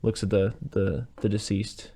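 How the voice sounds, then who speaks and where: A man hosting a casual movie podcast, chatting loosely and telling jokes in a dry, deadpan way. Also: lowish voice, unhurried, breathy edge. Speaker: podcast host. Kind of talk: casual chat.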